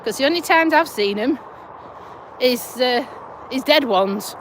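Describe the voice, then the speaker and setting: Chatty woman, lively high voice. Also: a little slow, slight background noise. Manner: chatty storytelling, laughs often. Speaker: vlogger. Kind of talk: casual live-stream chat.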